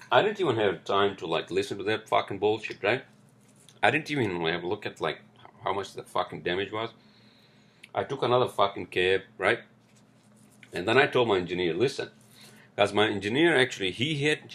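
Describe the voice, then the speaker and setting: A man's voice: low voice, a bit bright. A New man hosting a casual solo podcast, rambling with lots of fillers, frequent swearing and "right?" tags. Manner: rambling, swears often, many fillers and tag questions. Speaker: podcast host.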